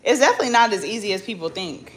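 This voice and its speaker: A young woman from the Bay Area chats casually to her viewers in a loose, slangy, joking way. Her voice sits at an ordinary middle pitch, with a steady hiss of background noise under the recording. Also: rapid-fire. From Bay Area, California. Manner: loose, slangy and joking, with bursts of loud scolding. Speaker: vlogger. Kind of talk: casual chat.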